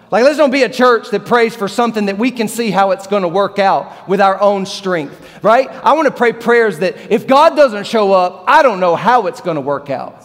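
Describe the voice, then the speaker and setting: Animated joking preacher in a big echoing hall. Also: male voice, sits high. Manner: animated, joking preacher who acts out Bible characters. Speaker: pastor. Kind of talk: sermon. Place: large church hall.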